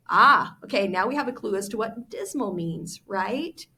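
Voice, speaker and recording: A woman's voice: medium pitch, expressive, moderate pace, bright, forceful tone, a little hiss or hum. Teacher, woman, walks class through a novel, explains words, talks to students. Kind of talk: classroom read-aloud lesson.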